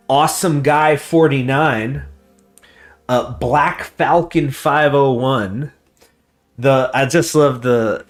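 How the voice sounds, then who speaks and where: A man hosting a strategy game let's play, reading game text aloud in a chatty way and stumbling over foreign names. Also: medium pitch. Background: faint guitar music.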